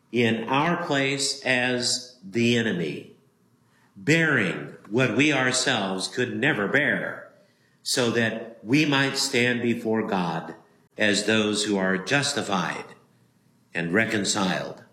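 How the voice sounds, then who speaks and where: A man preaching a sermon as a pastor, slow and emphatic, leaning on single words with long pauses. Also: mid-range voice, bright, forceful tone, roomy sound, low-quality recording.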